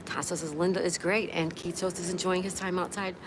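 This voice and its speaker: A woman's voice: on the low side, level tone, fairly quick. A woman hosting a casual livestream, reading her viewers' comments aloud and answering each one in a chatty way. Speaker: livestream host. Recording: clear background noise.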